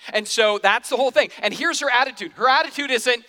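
A man's voice: high voice, sing-song, moderate pace, pushed and bright. A man preaching a sermon in a casual, joking way, slipping into quoted voices, in a church hall. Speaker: pastor. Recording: long hall reverb.

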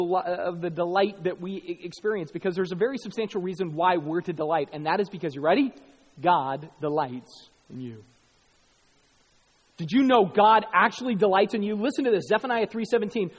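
Pastor guy preaching, high voice, goes quiet then loud and emphatic, big echoey hall. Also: breathy edge. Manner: animated, swings from hushed to loud and emphatic. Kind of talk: sermon.

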